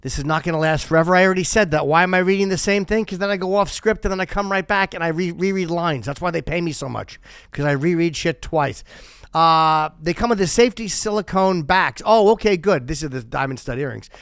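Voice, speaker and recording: A man's voice: high-pitched, a little fast, fairly bright tone, clear, resonant tone, dry recording, studio quality. A man in his fifties, a podcast host doing crude, sarcastic sponsor reads live and riffing off the script. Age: 50s.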